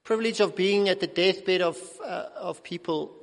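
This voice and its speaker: A middle-aged male pastor delivers a sermon in a fairly high voice with a gravelly edge. He acts out quotations with sudden swings from loud to soft. The sound carries the long reverb of a large church hall. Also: moderate pace. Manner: animated, acting out quotes with big swings in loudness.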